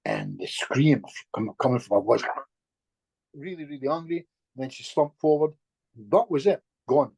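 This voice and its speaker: A middle-aged man, a guest healer, telling stories in a lively, chatty way with chuckles and restarts. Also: mid-range voice, moderate pace, vocal fry, slightly rough, no echo. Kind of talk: casual storytelling in conversation.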